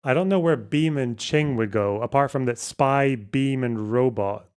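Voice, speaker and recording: A livestream host talks himself through a word puzzle on a casual stream, grumbling under his breath and swearing from time to time. He has a smooth, darkish, mid-range voice and speaks a little slowly.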